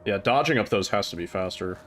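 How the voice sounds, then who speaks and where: A man's voice: lowish voice, expressive, quick pace, a bit bright. A man streaming a horror game and chatting casually, joking and thinking aloud as he plays. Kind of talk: casual gameplay commentary.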